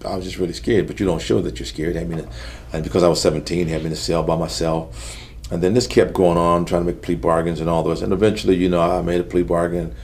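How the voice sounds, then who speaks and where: Gravelly low-voiced man telling his story. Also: level tone. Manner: earnest, halting storytelling that drops soft at heavy moments. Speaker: interview guest. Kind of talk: personal testimony in an interview.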